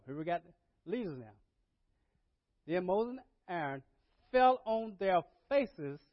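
Male pastor, high, very animated pitch, slow folksy delivery, dull dry recording. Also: no room sound. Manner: folksy preaching, swings from low murmurs to loud dramatic paraphrase. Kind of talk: sermon. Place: church.

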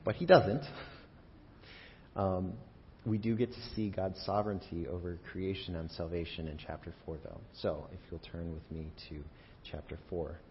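A man preaching in a church, retelling scripture in a conversational, humorous, animated way. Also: normal speed. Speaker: pastor. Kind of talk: sermon. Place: church sanctuary. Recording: dull audio with faint rumble.

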